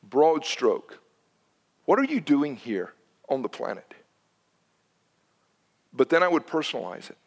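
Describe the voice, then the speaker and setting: A man preaching a sermon to his congregation, animated and shifting between loud emphasis and hushed tones. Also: fairly high pitch, a little slow, pauses often. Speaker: pastor. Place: church sanctuary.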